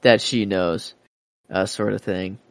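A man co-hosting a casual podcast, musing about the episode in a halting way with many restarts. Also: on the low side, fairly even intonation, no echo. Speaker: podcast co-host. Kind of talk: casual rewatch podcast chat.

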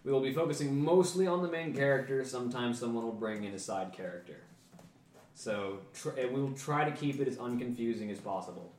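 A man running a tabletop game, explaining rules in a halting way with fillers. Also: medium pitch, darkish tone. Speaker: game master. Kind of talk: casual tabletop podcast talk. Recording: echoey room, distant mic, faint hiss.

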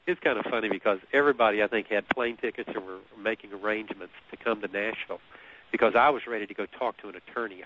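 A man telling a personal story in an easy conversational way. He is animated, often repeats words and laughs at his own story. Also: fairly low pitch, slight background noise. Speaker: guest. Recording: muffled lo-fi radio recording.

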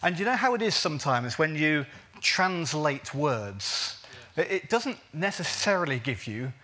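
A man preaches to his congregation in a bright, forward voice that sits a little high. He keeps it earnest, then slips in jokey asides and stretches words out slowly for emphasis. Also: big pitch swings. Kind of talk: sermon.

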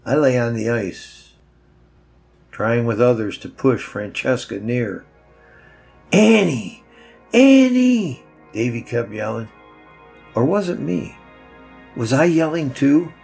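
A man narrating a story with a measured, reflective telling. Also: medium pitch, creaky, a little mellow, slightly rough, faint music behind, poor audio.

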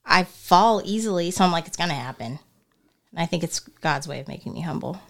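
A woman's voice: lowish voice, a little fast, vocal fry. A woman from the northern United States, co-hosting a casual chat and telling stories with lots of laughter. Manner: giggly, animated storyteller.

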